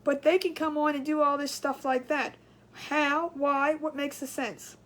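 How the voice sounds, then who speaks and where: A woman hosting a casual crafts livestream, rambling chattily and greeting viewers in a drawn-out sing-song. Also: sits high, fairly even intonation, fairly bright tone.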